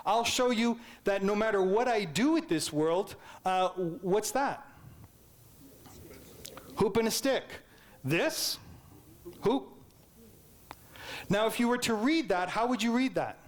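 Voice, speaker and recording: Speaking at a measured pace with long pauses, a Canadian man with a high, light voice delivers a public lecture. He tells his story playfully and with animation, quizzes the audience, and imitates the voices of his teachers.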